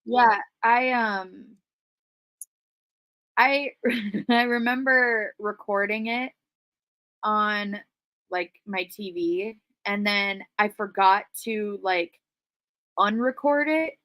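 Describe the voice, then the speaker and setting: Laid-back woman co-host, mid-pitched voice, rambling asides, dry close sound. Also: very slow, long pauses, no room sound. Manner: relaxed, laughs along, rambling asides. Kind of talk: casual chat.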